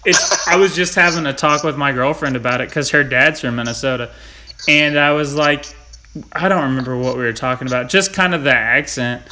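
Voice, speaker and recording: A man's voice: mid-range voice, a little fast, pushed and bright, a little hiss or hum. A man from Missouri hosting a podcast, chatty and rambling in casual talk, with lots of fillers and laughs. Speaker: podcast host. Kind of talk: casual chat.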